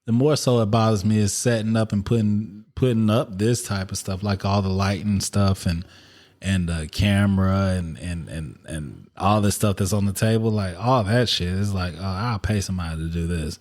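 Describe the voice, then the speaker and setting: A man's voice: fairly low pitch, moderate pace, darkish tone. A man hosting a podcast in loose, slangy casual chat, candid and repetitive. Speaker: podcast host.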